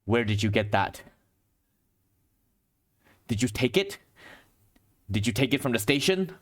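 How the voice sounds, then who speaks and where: A man's voice: mid-range voice, sing-song, measured pace. A man voicing a stern, suspicious small-town sheriff who fires off urgent, demanding questions. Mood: alarmed, demanding.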